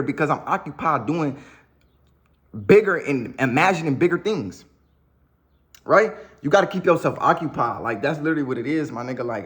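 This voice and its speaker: A man's voice: medium pitch, fairly bright tone. A young man vlogging to camera with relationship advice, blunt and slangy, often repeating his catchphrases. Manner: blunt, slangy, repeats "you get what I'm saying". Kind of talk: casual direct-to-camera talk.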